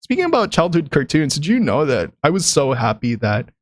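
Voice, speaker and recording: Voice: mid-range voice, sing-song, fairly quick, no room sound, clean studio sound. A streamer in casual chat about voice acting, rambling and chatty with many fillers.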